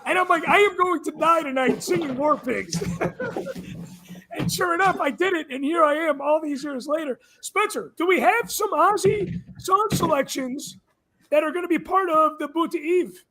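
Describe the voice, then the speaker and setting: Bright high-voiced excitable man. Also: normal speed. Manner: excitable, swears freely. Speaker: host. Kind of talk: casual live-stream chat.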